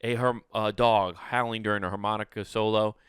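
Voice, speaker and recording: A man's voice: on the low side, steady tone, a little fast, fairly bright tone, clear, resonant tone, no room sound, studio quality. A man hosting a solo podcast, talking in a rambling, jokey way, laughing often and swearing now and then. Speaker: podcast host. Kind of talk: casual solo podcast chat.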